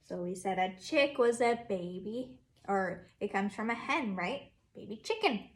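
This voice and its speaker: A young woman teacher reading a picture book aloud to young children, animated and sing-song, breaking into animal and machine sounds. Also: medium pitch, unhurried.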